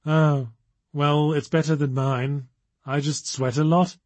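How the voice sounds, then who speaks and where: A man's voice: on the high side, level tone, slow pace, darkish tone, dry recording. A man voicing a jittery, rambling schoolgirl. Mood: distracted. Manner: quivering, rambling. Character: nervous awkward teenage schoolgirl.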